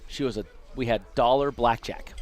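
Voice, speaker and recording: A man from Las Vegas telling lively anecdotes as a dinner guest, acting out the people he quotes, in a casino restaurant. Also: medium pitch, normal speed. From Las Vegas, USA. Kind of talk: casual storytelling over dinner.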